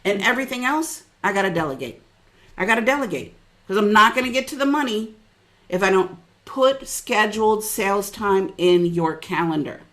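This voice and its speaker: This middle-aged business coach, a woman with a mid-range voice speaking at normal speed, gives a spirited motivational webinar with a preachy edge and names listeners directly.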